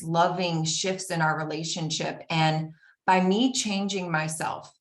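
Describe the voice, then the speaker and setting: A woman shares a personal story with earnest feeling and acts out small bits of dialogue. Her voice sits low for a woman. The room around her sounds echoey. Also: fairly bright tone.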